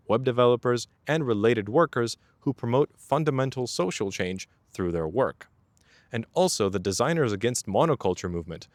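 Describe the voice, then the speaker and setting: A man's voice: medium pitch, dry recording. A young man narrating a scripted video essay as its host, mixing storytelling with wry, casual joking asides. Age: young adult.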